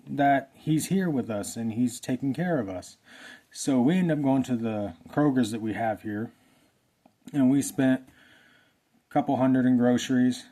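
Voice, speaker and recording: Guy rambling through a story, earnest, repeats himself, mid-pitched voice. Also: warm tone. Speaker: vlogger sharing a testimony. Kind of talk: casual storytelling.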